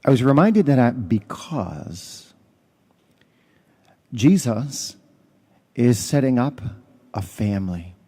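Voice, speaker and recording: A man's voice: medium pitch, sing-song, slow pace, pauses often, dark tone, husky. A man, a parish priest, giving a conversational homily with stories and some fillers. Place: church.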